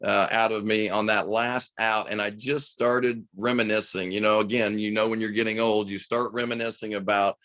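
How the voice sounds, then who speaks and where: Enthusiastic low-voiced male coach. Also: level tone, normal speed, hardly any pauses, a bit bright, dry recording. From United States. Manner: enthusiastic, reflective storyteller. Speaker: high school basketball coach and radio broadcaster. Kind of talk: podcast interview, telling a story.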